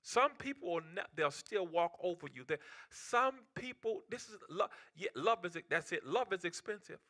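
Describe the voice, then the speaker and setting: A man preaching with passion in a church. His voice is very bright and rings out, with a lively, wide-ranging pitch. He moves from loud outcries to hushed near-whispers. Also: moderate pace. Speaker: pastor. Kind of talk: sermon.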